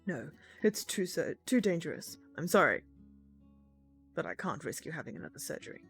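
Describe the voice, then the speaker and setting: A calm, firm father who reassures his daughter, as a woman puts on a dad voice. The reading has a lively, rising and falling pitch. Faint game music sits behind. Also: normal speed, exaggerated voice. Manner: gentle but firm, reassuring. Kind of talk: visual novel voice reading.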